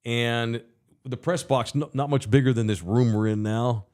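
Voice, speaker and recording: A man's voice: mid-range voice, fairly even intonation, moderate pace, a little mellow. Brief: middle-aged man hosting a sports talk podcast, casual and profane. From Texas. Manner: rambling, profane storytelling. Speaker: podcast co-host. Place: bar studio.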